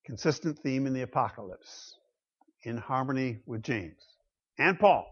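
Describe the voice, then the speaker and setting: A man preaching a sermon, swinging between loud declarations and quiet asides. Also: mid-range voice, lively intonation, measured pace, slightly rough. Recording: dull lo-fi sound.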